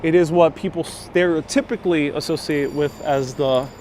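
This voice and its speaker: A man with a slightly high, darkish voice guides a live-streamed city bus tour at a moderate pace. He chats casually and reads viewer comments aloud while faint street and traffic noise sits in the background.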